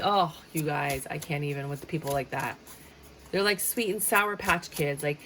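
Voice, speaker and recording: A woman's voice: low-pitched, normal speed, fairly bright tone, a little hiss or hum, poor audio. A woman giving a casual tarot reading, chatty and dramatic, sometimes slipping into a sing-song tone. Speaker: tarot reader.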